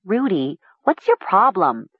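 A woman voicing a bossy teenage girl who turns shrill and stammering with panic. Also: very animated, unhurried, slightly rough, no echo, phone-quality sound, heavily acted. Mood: stern.

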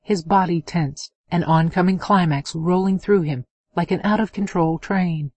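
A woman narrating an adult romance novel in a steady, expressive reading on a close mic. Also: lowish voice, moderate pace, breathy edge, no room sound. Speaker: audiobook narrator.

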